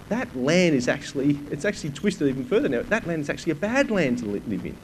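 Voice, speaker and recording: A man's voice: on the high side, big pitch swings, fast, hardly any pauses, slight background noise, rough recording. A man preaching a sermon, reading scripture aloud with emphasis and putting rhetorical questions to his listeners.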